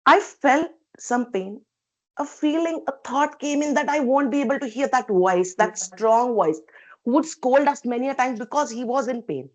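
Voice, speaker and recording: A woman's voice: high-pitched, moderate pace. A woman giving a prepared, reflective personal speech at a club meeting over a video call, asking many rhetorical questions. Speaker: speaker at a public speaking club meeting.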